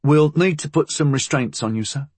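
A man voicing a courteous, calm police inspector who keeps calling people sir. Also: on the high side, moderate pace, breathy edge, no echo, pitched above the performer's own voice.

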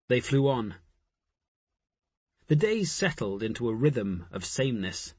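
A man reading a science fiction audiobook as narrator, in a measured, deliberate way. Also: medium pitch, slightly rough, no echo. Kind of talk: scripted narration.

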